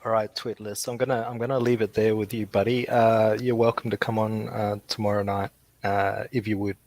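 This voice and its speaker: A man hosting a livestream over a video call, talking in a relaxed, drawn-out way. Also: lowish voice. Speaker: livestream host. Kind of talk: casual livestream chat.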